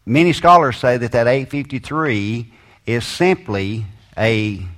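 A man leading a Bible study, drawing out quoted verses slowly and giving asides to a helper. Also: medium pitch, lively intonation, fairly bright tone. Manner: slows and stresses quoted scripture, asides to a helper. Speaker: Bible teacher.

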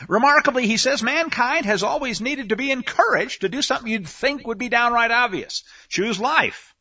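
A man's voice: very high-pitched, expressive, moderate pace, bright, forceful tone, husky, dull audio. A man preaching a sermon on scripture, emphatic, often asking the listeners rhetorical questions. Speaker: Bible teacher.

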